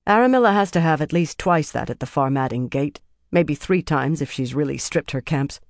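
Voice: medium pitch, expressive, normal speed, no room sound, clean studio sound, lightly acted. A reader voicing a blunt, practical woman guard captain in an audiobook. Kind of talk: audiobook character voice.

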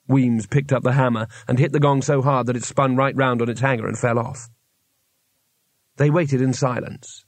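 A man reading an audiobook aloud in a measured storytelling manner with wry timing. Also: medium pitch, steady tone, dry recording. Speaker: audiobook narrator. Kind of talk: scripted narration.

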